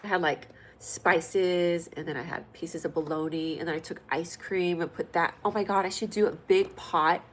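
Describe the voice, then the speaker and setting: Through a rough recording with slight background noise, a lowish-voiced woman from California runs a comedy livestream. She banters with viewers and reads their comments casually, playful and joking, growing lively and loud now and then.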